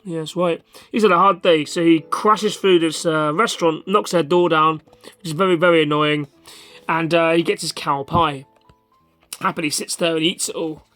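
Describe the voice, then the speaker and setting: A man's voice: a little high, steady tone, normal speed, fairly bright tone, soft background music. A man hosting a casual, rambling video review, off-hand and chatty with mild swearing. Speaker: vlog host.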